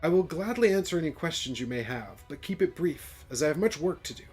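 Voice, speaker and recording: A man puts on a regal male dwarf mayor who speaks in stiff, formal phrases, higher than a plain voice and pushed out loud. He sounds busy and guarded, a storybook village ruler played by a board game streamer. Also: very animated, a little fast, slightly rough, faint music behind. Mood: wary, stately. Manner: formal, stately speech.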